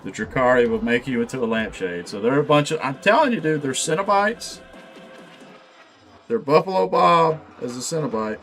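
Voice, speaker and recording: A man's voice: medium pitch, animated, normal speed, fairly bright tone, faint music behind. A man casually chatting while he assembles miniatures. He is laid-back and profane and laughs often. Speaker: channel host.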